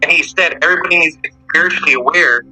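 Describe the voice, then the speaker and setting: A man calling in to share a personal story, talking earnestly and haltingly with many fillers. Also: on the high side, pushed and bright, faint music behind, rough recording. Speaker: caller sharing a story. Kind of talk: casual storytelling.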